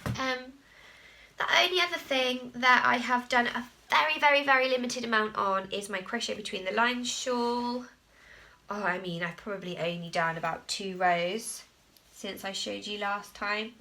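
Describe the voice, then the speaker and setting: Female podcast host, bright tone, casual and self-mocking chat at home. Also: a little high, gravelly. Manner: chatty and self-deprecating, laughs at herself often.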